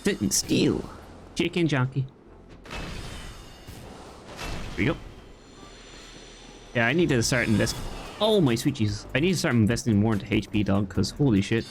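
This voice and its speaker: A man's voice: mid-range voice, lively intonation, fast talker, soft background music. A young man with a light Irish accent, chatting casually as he streams a game and rambles in reply to his viewers. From Ireland. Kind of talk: casual gaming commentary.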